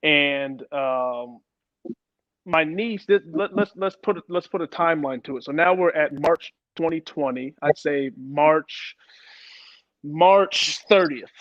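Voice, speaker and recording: A young man giving a personal account in an interview, halting, with many restarts and repeated words. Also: on the high side, no echo. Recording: dull lo-fi sound, dry.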